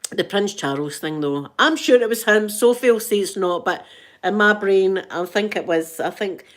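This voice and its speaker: A woman's voice: mid-range voice, moderate pace. A middle-aged woman with a Scottish accent, chatting casually to camera in a rambling, laughing way. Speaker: vlogger. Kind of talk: casual chat.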